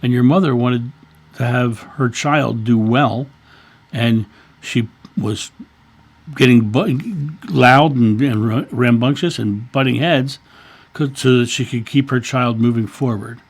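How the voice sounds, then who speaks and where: Fifties male host, raspy and gravelly, earnest story told in a casual talk. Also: medium pitch, a little slow. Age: 50s. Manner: earnest, repeats words while telling a story. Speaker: spiritual channel host.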